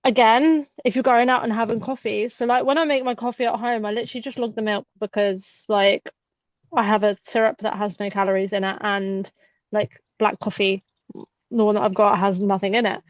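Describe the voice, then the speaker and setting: A woman's voice: medium pitch, steady tone, moderate pace, no room sound. A woman co-hosting a podcast, explaining in an easy conversational way full of filler "like"s. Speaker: podcast co-host. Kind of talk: casual podcast chat. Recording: dry, muffled sound.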